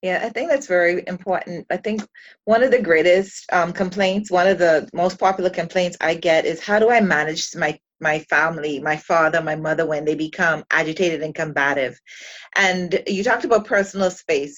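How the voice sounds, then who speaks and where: A woman's voice: on the low side, highs cut off. A woman hosting a podcast interview, encouraging her guest with guiding questions. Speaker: podcast host.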